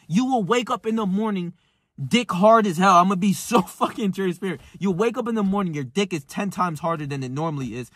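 A man's voice: sits high, fairly bright tone, dry recording. Profane preachy young man, dry sound. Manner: profane, emphatic, preachy, calls listener bro. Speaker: self-improvement vlogger. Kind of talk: casual motivational rant to camera.

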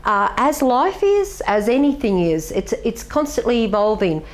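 A woman's voice: a little high, very animated, moderate pace. A middle-aged woman, a martial arts master giving earnest, reflective interview answers and telling stories with animation.

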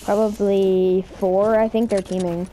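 A young woman gaming with a friend, excitable, rattling off repeated commands. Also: medium pitch, measured pace. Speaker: gamer. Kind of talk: excited gameplay chatter. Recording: noisy game audio behind.

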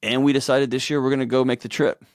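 In a candid interview, this guest, an author and show host in his forties, earnestly shares personal stories in a drawl, performing what other people said in changing voices. His medium-pitched voice stays level and moves fast. The recording is studio quality with no echo.

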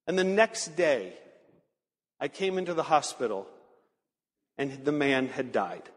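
A man preaching a sermon in earnest storytelling fashion, slowing down to stress key words. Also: medium pitch, sing-song. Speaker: pastor. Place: large church sanctuary. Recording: long hall reverb.

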